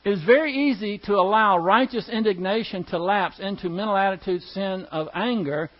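A man's voice: sits high, moderate pace, dull audio. A man teaching a Bible class verse by verse, explaining Greek grammar step by step and asking the class questions.

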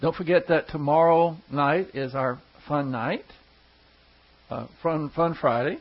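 A pastor chats with his flock in a loose, folksy ramble and chuckles between stories. His voice sits a bit high for a man and has a husky grain. The recording is dull and lo-fi. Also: measured pace. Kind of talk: casual storytelling to a congregation.

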